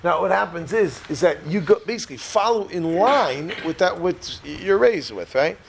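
A man's voice: high voice, animated, normal speed, gravelly, slight background noise. A man giving an informal Torah class in a joking, chatty way, often putting questions to his listeners. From Israel. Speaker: rabbi teaching a class.

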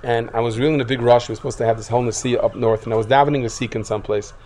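A man giving a sermon full of stories, acting out voices and rising to loud bursts. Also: medium pitch, racing. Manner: lively storyteller who acts out quotes, rising to loud outbursts. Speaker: rabbi giving a talk.

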